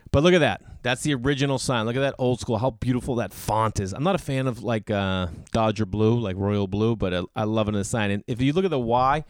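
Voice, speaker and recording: A man telling a casual personal story, animated, slipping into the voices of the people he quotes. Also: medium pitch, fairly quick, hardly any pauses, no echo.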